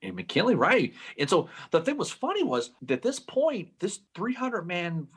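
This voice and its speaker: A man co-hosting a podcast, telling war history in an animated, casual way with swearing and quick asides. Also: high voice, slightly rough. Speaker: podcast co-host.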